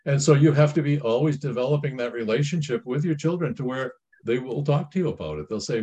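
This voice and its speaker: A man's voice: medium pitch, lively intonation, fast talker, hardly any pauses, mellow. A middle-aged man giving informal Christian family counsel. He comments on a reading in a rambling, folksy way, with many restarts and asides.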